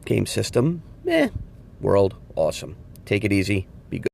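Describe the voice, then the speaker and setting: A man's voice: lowish voice, wildly swooping pitch, normal speed, vocal fry, a little mellow, breathy edge. A man leaving a casual, enthusiastic voicemail call-in to a podcast. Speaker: caller.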